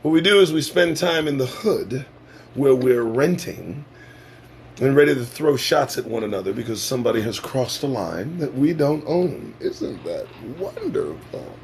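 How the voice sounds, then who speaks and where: A man's voice: mid-range voice, lively intonation, moderate pace, a little hiss or hum. A man hosting a casual live-stream show, talking in a profane, sarcastic and preachy way. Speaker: livestream show host.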